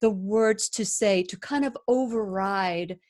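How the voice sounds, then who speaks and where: A woman hosting a radio interview, asking long, halting questions full of fillers and restarts. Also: medium pitch, a little mellow. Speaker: radio show host.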